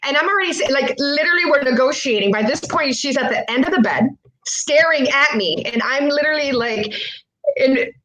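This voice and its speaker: A woman's voice: sits high, lively intonation, fairly quick, fairly bright tone, poor audio. A woman telling a true personal story on stage, frank and profane, laughing as she goes and switching between English and Spanish.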